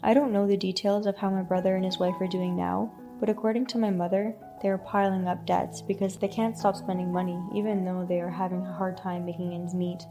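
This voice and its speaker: A woman reading a first-person story in an even, scripted narration. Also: mid-range voice, a little fast, hardly any pauses, over music.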